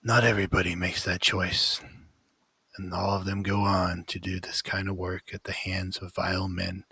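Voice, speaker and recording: Man doing a smooth, grim robed stranger. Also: low voice, flat delivery, moderate pace, pushed and bright, no echo, full character voice. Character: sinister male stranger in a dark robe.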